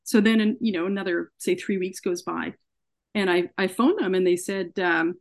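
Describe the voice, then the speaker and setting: Speaking at normal speed in a lowish voice, a Canadian podcast guest earnestly recounts a personal story. She acts out the dialogue of the people involved as she tells it in the interview.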